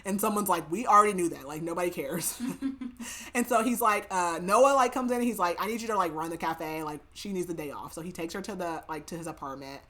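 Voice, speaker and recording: A woman's voice: lowish voice, fairly quick, a bit bright. A woman hosting a podcast, casually retelling a novel's plot in a chatty way, quoting the characters' lines and filling her speech with "like". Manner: chatty, filler-heavy retelling with quoted dialogue. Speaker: podcast host. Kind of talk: casual book recap.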